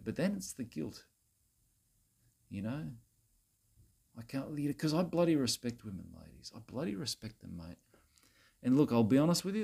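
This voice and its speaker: A man puts on an exaggerated, low, husky voice, gravelly and darkish in tone, to play a crude Australian bloke in a comedy monologue. Self-righteously lecturing women in a satirical rant to camera, he rambles, repeats himself, preaches, and drops "mate" and "bloody" into every phrase.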